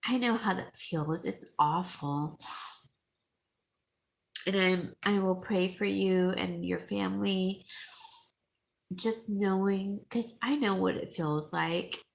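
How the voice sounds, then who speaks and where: A woman live-streaming to her viewers, crying and talking haltingly with a sore throat, often repeating herself. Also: medium pitch, vocal fry, a little hiss or hum. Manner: tearful, halting, repeats words.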